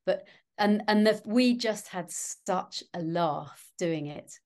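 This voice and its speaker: A woman's voice: mid-range voice, animated, takes it slowly, a little mellow. A middle-aged woman, an actress, chatting as an interview guest and telling self-mocking anecdotes.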